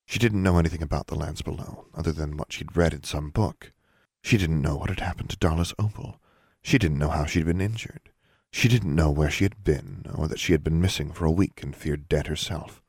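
A male audiobook narrator with a very deep, husky voice, reading at a steady, even pace. The recording is close and dry, with no room sound. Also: brisk, no room sound.

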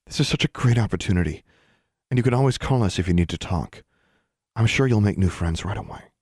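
A man voicing a reassuring, oblivious mother in an audiobook, in his own low voice. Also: animated, a little fast, a little mellow, husky, dry recording, clean studio sound.

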